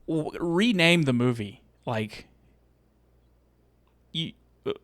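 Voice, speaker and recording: A man co-hosting a casual movie podcast, slowly working through his points with many restarts. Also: fairly high pitch, lively intonation, a bit bright, no room sound, studio quality. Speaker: podcast co-host. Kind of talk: casual movie review chat.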